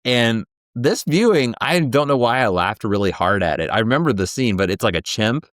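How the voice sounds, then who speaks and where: A man's voice: mid-range voice, lively intonation, normal speed, fairly bright tone, no echo, studio quality. A man co-hosting a casual movie review chat, talking enthusiastically and now and then quoting lines in playful voices. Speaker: co-host of a movie review show.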